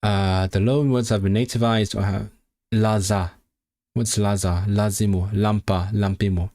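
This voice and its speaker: A man's voice: fairly low pitch, fairly even intonation, measured pace, warm tone. A man studying a language on a livestream, thinking aloud and repeating foreign words to practice them. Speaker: language learner streaming. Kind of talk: casual self-study livestream.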